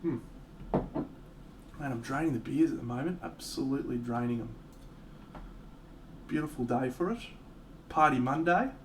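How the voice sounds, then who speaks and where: A man's voice: mid-range voice, moderate pace, pauses often. A young man chatting casually to viewers on a live stream while he paints, swearing now and then. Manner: relaxed, swears, chats with viewers, bursts into sung lines and silly voices. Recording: voice a bit off-mic with faint background hum.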